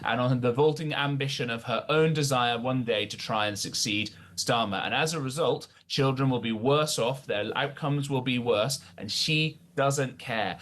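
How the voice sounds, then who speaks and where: A man's voice: mid-range voice, moderate pace, few pauses, fairly bright tone. A man giving impassioned, indignant political commentary on talk radio. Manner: impassioned, indignant, emphatic ranting.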